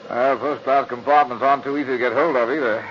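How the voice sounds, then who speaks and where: An actor playing a cheery young Australian cavalry lieutenant with an Australian accent in a 1940s radio drama, hearty and slangy. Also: male voice, mid-range voice, fairly even intonation, fast, slight background noise, lightly acted. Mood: breezy. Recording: dull lo-fi old radio recording.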